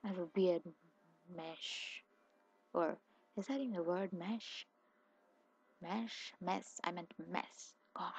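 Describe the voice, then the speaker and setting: A sleepy woman from India with a mixed Indian, British and American accent, chatting softly in a rambling, quick, self-correcting way for a soft-spoken ASMR video. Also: fairly low pitch, slight background noise. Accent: mixed Indian, British and American English. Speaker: ASMR creator.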